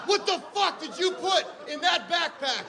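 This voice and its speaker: A man in his thirties voicing his furious wife yelling down the phone. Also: lively intonation, moderate pace, a crowd in the background. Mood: angry. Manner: shrill yelling.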